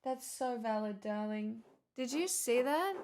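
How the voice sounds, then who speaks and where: A woman's voice: on the high side, animated, measured pace, a little mellow, slight background noise. A woman streamer in casual chat, rambling and laughing often as she tells stories.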